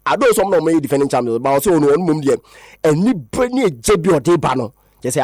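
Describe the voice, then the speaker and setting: Very animated and fast, this slightly high, darkish-toned male voice comes through clean studio sound with no echo. The Ghanaian-accented radio sports host runs on through player names, moving from one language to another.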